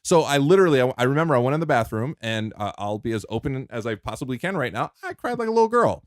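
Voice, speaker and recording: A man's voice: medium pitch, big pitch swings, fast, dry recording, studio quality. A man co-hosting a podcast, talking in a rambling, jokey, self-deprecating way. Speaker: podcast co-host. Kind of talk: casual chat.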